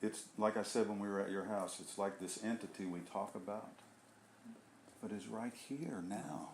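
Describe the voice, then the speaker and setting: A man in a casual group discussion, speaking earnestly and haltingly, often restarting and searching for words. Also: on the low side, creaky, darkish tone, a little hiss or hum. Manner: earnest and heartfelt. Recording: echoey room.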